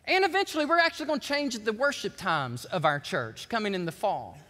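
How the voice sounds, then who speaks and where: A man, the pastor, preaching a sermon in a large church and telling a story with animated delivery. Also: sits high, a little fast. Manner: animated storytelling, acting out quoted voices. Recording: church sanctuary with long reverb.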